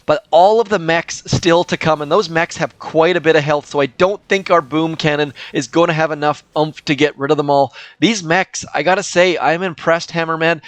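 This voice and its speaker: A man's voice: a little high, a bit bright, no room sound. An older man casually commentating his gameplay as a channel host, chatty and self-deprecating, thinking aloud as he plays.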